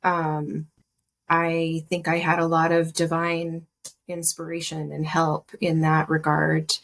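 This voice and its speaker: A woman speaking as a podcast guest, soft and reflective, often hesitating and restarting her sentences. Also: deep voice, completely flat delivery, takes it slowly. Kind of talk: personal conversation.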